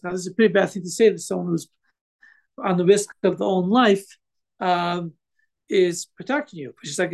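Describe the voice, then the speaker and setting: A man giving an informal religious class, telling a story in a halting way with many fillers and restarts. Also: high voice, creaky. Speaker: Torah teacher telling a story.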